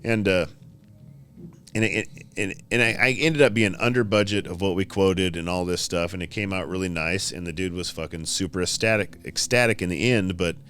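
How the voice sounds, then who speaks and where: A man who builds custom motorcycles, telling shop stories in casual podcast talk, profane and animated, acting out his customers. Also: low voice, moderate pace, a little hiss or hum.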